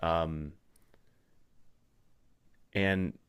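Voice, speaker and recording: Low, smooth-voiced man musing aloud. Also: fairly even intonation, extremely slow, no room sound. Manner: thoughtful, with frequent restarts and fillers. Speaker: podcast guest. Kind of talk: casual spiritual conversation.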